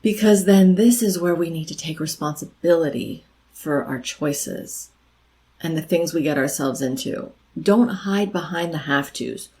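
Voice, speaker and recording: A woman's voice: sits low, a little slow, a little mellow, rough recording. A middle-aged woman giving encouraging, conversational advice straight to the camera, repeating her key phrases for emphasis. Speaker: life coach vlogger. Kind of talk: direct-to-camera advice talk.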